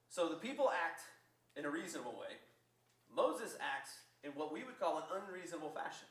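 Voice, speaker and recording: A man preaching a sermon as pastor, telling the story in a lively way and acting out the quotes. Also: a little high, brisk. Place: church. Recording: echoey church from far off.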